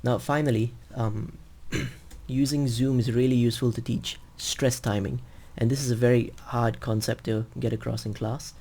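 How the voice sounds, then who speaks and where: A man teaching English over a video call, explaining patiently and slowly with frequent ums. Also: mid-range voice, steady tone, mellow, slightly rough. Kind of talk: screen-share teaching demo.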